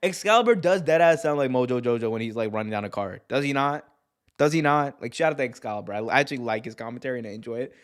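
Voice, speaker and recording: A man's voice: mid-range voice, fast talker, clean tone. Hyped up guy talking wrestling on his podcast, slangy, laughs a lot. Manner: excitable, laughs often, slangy. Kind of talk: casual chat.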